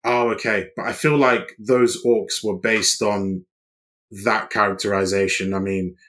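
A man's voice: fairly low pitch, steady tone, a little slow, a bit bright. A man co-hosting a casual TV review chat, rambling with many restarts and fillers. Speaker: podcast co-host.

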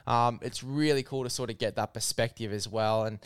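A man's voice: medium pitch, steady tone, brisk, smooth, dry recording, clean studio sound. A man hosting a casual sports chat, matey and full of fillers. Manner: chatty, matey, heavy on fillers. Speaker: podcast host.

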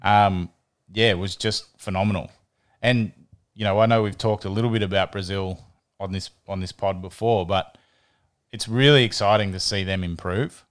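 A man's voice: on the low side, fairly even intonation, moderate pace, clean tone. A man co-hosting a sports podcast, chatting casually and often repeating words as he thinks. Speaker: podcast co-host.

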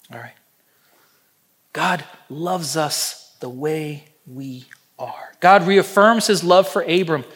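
High-voiced pastor with swelling emphasis. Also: male voice. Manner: swings from loud emphatic repetition to soft hushed endings; storytelling, personal anecdotes. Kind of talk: sermon.

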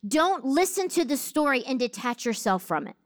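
A woman in her thirties with a high, light voice delivers a sermon. She tells a story from her own life with humor and animated, lively timing before she turns to scripture. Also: normal speed. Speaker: preacher.

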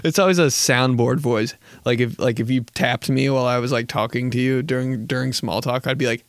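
A young guy in an even middle register tells loose, comic stories about his day, with lots of filler and swearing. His delivery is casual and self-deprecating, and the recording is close and dry with no room sound. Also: medium pitch, brisk, few pauses, no echo. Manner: rambling, profane, self-mocking, full of "like" and laughter. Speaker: podcast host. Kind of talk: casual comedic storytelling.

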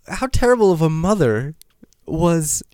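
A man's voice: fairly high pitch, sing-song, measured pace, a little mellow, no echo, clean studio sound. A man chatting casually as a podcast co-host, joking with exasperation and laughing often. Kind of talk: casual chat.

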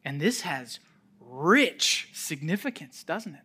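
A man preaching a sermon, telling a scripture story with sudden drops to a near-whisper and rises to loud calls, with chuckling asides. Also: a little high, very animated, takes it slowly, husky. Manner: chuckles while making light asides.

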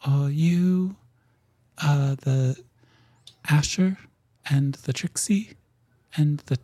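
A man's voice: fairly high pitch, extremely slow, warm tone, dry recording, pitched above the performer's own voice. A man doing a nervous little fairy messenger. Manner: hesitant, fidgety, uncomfortable. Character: small delicate insectoid fairy messenger, nervous.

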